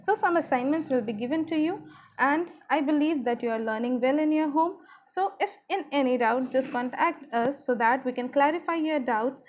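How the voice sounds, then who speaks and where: Teacher: woman, high pitched, asks questions and praises pupils. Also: moderate pace, highs cut off, a little hiss or hum. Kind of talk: online grammar lesson.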